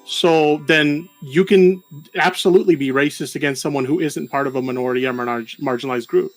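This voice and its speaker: Male co-host, insistent, quick delivery, fairly high voice, faint music underneath. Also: steady tone. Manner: insistent, reads a text out deliberately and repeats himself. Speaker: streamer's co-host in the debate. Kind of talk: debate, reading out a definition.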